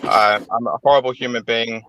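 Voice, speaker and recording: A man speaking in a subdued, halting way on a call. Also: mid-range voice, steady tone, fairly bright tone, slight background noise. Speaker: guest under confrontation. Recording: dull lo-fi call audio.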